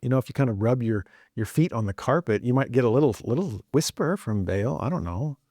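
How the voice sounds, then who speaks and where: A man hosting a scripture lesson as casual commentary, humorous and animated, often slipping into joking voices. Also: medium pitch, fairly quick, no echo, clean studio sound. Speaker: scripture teacher and podcast host.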